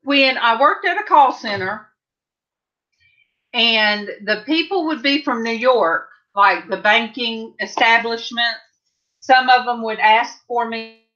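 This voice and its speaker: Middle-aged woman host, unhurried rambling chat with viewers, high bright voice, lo-fi home stream. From California. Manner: rambling, chatty, answers viewer comments. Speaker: livestream host. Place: home craft room. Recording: slightly dull lo-fi sound.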